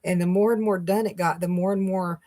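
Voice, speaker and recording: A woman's voice: on the low side, fairly even intonation, a little fast, dark tone. A middle-aged woman, chatting casually to her live-stream viewers and rambling with frequent laughs. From North Carolina, US. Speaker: keto vlogger.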